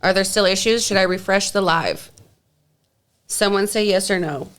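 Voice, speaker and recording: A woman's voice: mid-range voice, moderate pace, a bit bright. A woman co-hosting a podcast in casual chat, breezy and talkative with lots of filler words.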